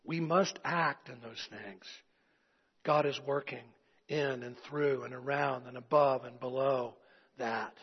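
Give me an earnest preacher in an echoey hall. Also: male voice, mid-range voice, takes it slowly, slightly rough. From East Tennessee. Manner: earnest preaching with folksy asides and rhetorical questions. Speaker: pastor. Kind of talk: sermon. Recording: echoey hall, dull lo-fi sound.

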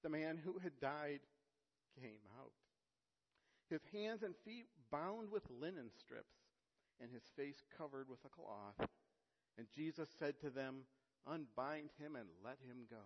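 A man reading scripture aloud with slow emphasis, then preaching haltingly with many pauses and fillers. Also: on the high side, expressive. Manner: reads with emphatic slowing, then halting and hesitant. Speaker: lay preacher. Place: church. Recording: dull sound with long hall reverb.

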